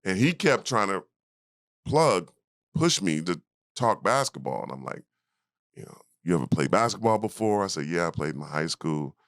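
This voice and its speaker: A man in his fifties with an extremely deep voice tells a story from his past in a relaxed interview. He acts out the other people in it with bursts of higher, livelier voices. The sound is dry and close. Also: moderate pace, gravelly, long pauses, dry recording. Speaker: guest, former basketball player.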